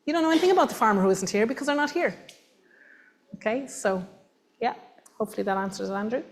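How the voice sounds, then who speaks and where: A woman with an Irish accent giving a lively, emphatic workshop talk to a room of people, now and then acting out what others say. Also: on the high side, fast talker. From Ireland. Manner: animated, emphatic, acts out voices of others. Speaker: workshop presenter. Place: meeting room with audience.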